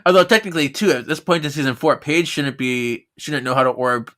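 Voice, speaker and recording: A podcast co-host recaps a book in easygoing chat with a bright, mid-pitched voice. He laughs often and jumps into quick voices for the characters as he retells scenes. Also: a little hiss or hum.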